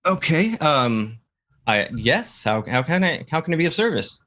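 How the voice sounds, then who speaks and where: A man's voice: a little high, very animated, moderate pace, fairly bright tone, voice pushed up. A man playing a suave, well-dressed investigator with a genteel, old-fashioned way of speaking.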